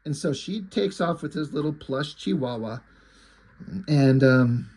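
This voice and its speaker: Enthusiastic, profane comic reviewer, male, husky and somewhat high. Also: expressive, a little slow, a little mellow, low-quality recording. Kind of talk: casual review vlog.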